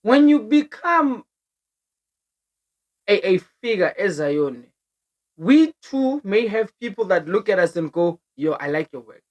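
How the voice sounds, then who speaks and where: A young South African woman recounts a story to her vlog audience with an accent that colors every phrase. Her voice sits at a middle pitch but swings widely as she acts out moments, often breaking into laughter and hopping between languages. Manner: animated, laughs often, code-switches mid-sentence. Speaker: vlogger.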